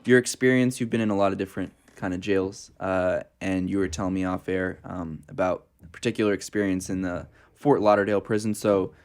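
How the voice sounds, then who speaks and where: A man with a somewhat low voice hosts the interview and sets up the question. He phrases things hesitantly, with many fillers and restarts. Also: steady tone, a little fast, hardly any pauses, darkish tone. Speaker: interviewer host.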